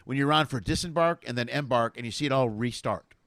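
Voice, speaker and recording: A man's voice: medium pitch, fast talker, no room sound, clean studio sound. A man hosting a casual comedy chat, telling stories with lots of quoted voices. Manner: storytelling, animated quoted voices, laughing. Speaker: comedy show host.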